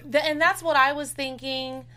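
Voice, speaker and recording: Woman co-host, measured delivery, casual chat, chimes in to agree. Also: high-pitched, steady tone, sharp tone. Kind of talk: casual talk show chat.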